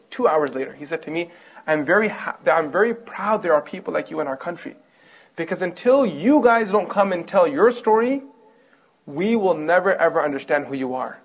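A young man from Kentucky giving an animated religious lecture, telling stories and asking the audience questions. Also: fairly high pitch, husky. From Kentucky, USA. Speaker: Islamic lecturer.

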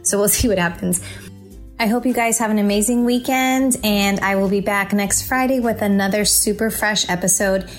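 A woman's voice: medium pitch, normal speed, faint music behind. A young adult woman hosting her own podcast, chatting casually and cheerfully as she shares fun facts. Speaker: podcast host. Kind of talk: casual solo podcast chat.

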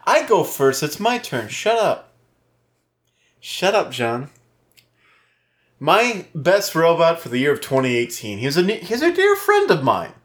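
A man co-hosting a podcast in loose, joking banter. His voice sits a little high and moves around a lot in pitch. He talks playfully and swears freely. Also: huge pitch swings, measured pace, pauses often, a bit bright. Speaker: podcast co-host. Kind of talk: casual banter.

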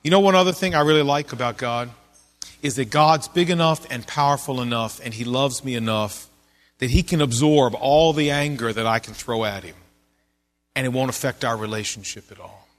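Man, pastor, church sermon, earnest, conversational, soft low passages. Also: normal speed, faint music behind.

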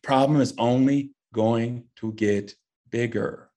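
Warm-toned and slow, this man's intonation stays fairly even overall, though as an interview guest he speaks with passion and emphasis, pushing his voice up high to drive points home.

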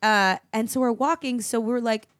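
A woman's voice: on the high side, fairly even intonation, moderate pace, a bit bright, no room sound, clean studio sound. A woman from Florida, co-hosting a podcast, telling rambling anecdotes. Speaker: podcast co-host. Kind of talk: casual chat.

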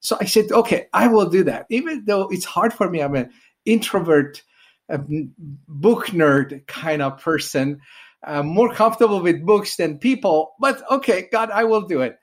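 Earnest man from Iran, higher voice. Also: lively intonation, moderate pace. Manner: earnest, emotional storytelling with acted prayers. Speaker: evangelist guest. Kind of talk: testimony in an interview.

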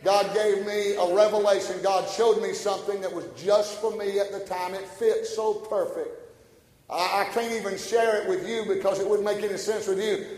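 A male preacher delivers a sermon in a high voice. He moves from quiet, halting storytelling to loud, passionate cries. The sound is roomy, with a long echo like a large hall. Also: little pitch movement. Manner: builds to shouted passionate bursts, then drops quiet.

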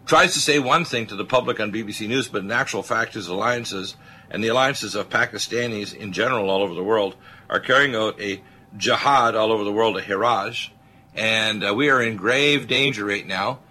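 A man's voice: on the low side, pushed and bright, slight background noise. A man hosting a talk radio show, speaking emphatically and rambling with many filler uhs.

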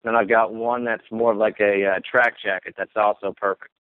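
A sports broadcaster answers interview questions over a phone line that sounds thin and tinny. He is a man with a lowish voice, and he rambles through career stories full of ums and restarts. The line is dry, with no room sound. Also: little pitch movement, moderate pace, no room sound. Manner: casual storytelling with many ums and restarts.

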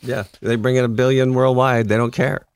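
A man co-hosting a casual comedy podcast with deadpan quips. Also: mid-range voice, a little fast, smooth. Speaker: podcast co-host.

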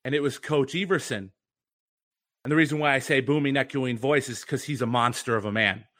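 Young guy guest on a podcast, earnest storytelling, kinda bright voice. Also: medium pitch, a little fast. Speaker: guest, former pitcher and mental conditioning coach.

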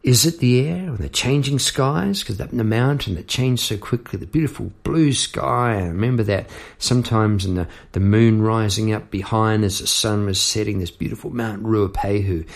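A man's voice: lowish voice, steady tone, normal speed, gravelly. A middle-aged man, hosting a podcast about his songwriting in a rambling, chuckling way. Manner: rambling, chuckling, with frequent fillers and asides. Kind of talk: reflective casual talk.

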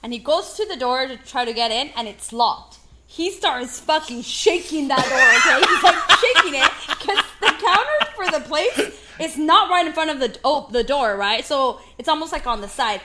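Podcast co-host, woman, very high bright voice, lively swoops, tells stories between laughs, faint hiss. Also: moderate pace. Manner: animated, laughs through the story. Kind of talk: casual storytelling chat.

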